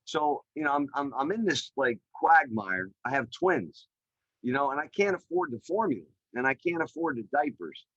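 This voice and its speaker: A middle-aged man, a podcast guest, telling his career story in an energetic, chatty way with many fillers over a video call. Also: mid-range voice, moderate pace, no room sound, lo-fi sound. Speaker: podcast guest, real estate developer. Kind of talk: animated storytelling in an interview. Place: remote call.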